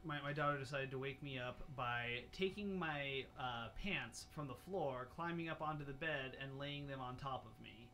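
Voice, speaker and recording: A young father co-hosting a casual podcast, telling animated stories with many fillers. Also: medium pitch, moderate pace, few pauses, a little hiss or hum. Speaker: podcast co-host. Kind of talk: casual chat.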